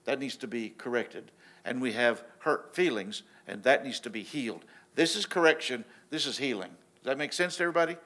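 A man preaching a sermon in a casual, animated storytelling way, often restarting his sentences. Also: medium pitch, brisk. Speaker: pastor.

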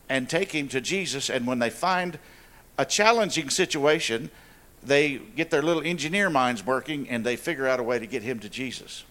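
A man's voice: a little high, fairly bright tone. A man giving an earnest, emphatic sermon in an informal style, with repeated phrases and personal asides. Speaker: church staff member preaching.

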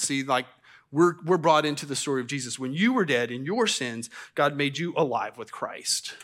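A middle-aged man delivers a church sermon in a relaxed, conversational way, breaking off into stammered restarts and self-deprecating stories. His voice sits a little high for a man. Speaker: pastor. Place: church sanctuary.

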